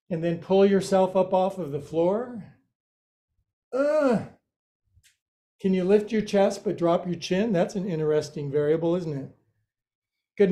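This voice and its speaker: A man leads a yoga class, calling out poses with goofy asides and sound effects. His voice sits fairly high for a man, with a mellow, soft tone, and he takes his time between cues. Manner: playful, jokey instruction with silly sound effects. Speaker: yoga teacher.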